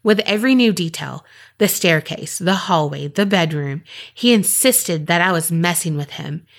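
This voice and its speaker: A woman hosting a podcast, reading listener stories aloud in a steady storytelling voice with short asides. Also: on the low side, normal speed, vocal fry.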